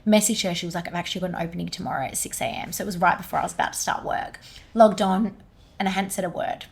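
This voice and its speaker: A young woman, an energy healer, telling a personal story in a podcast conversation, quoting others in lively bursts. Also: fairly low pitch, fast talker, creaky, husky.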